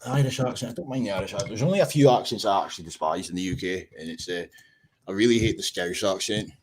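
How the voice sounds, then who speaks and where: A Scottish man hosting a casual livestream chat, sweary and animated, often laughing as he talks. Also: low voice, fast, slight background noise. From Scotland. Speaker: livestream host.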